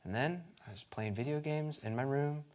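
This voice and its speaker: A stand-up comedian in his thirties telling personal stories on stage, animated and bursting into loud acted-out quotes. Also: fairly high pitch, moderate pace. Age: 30s. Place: comedy stage before a live audience.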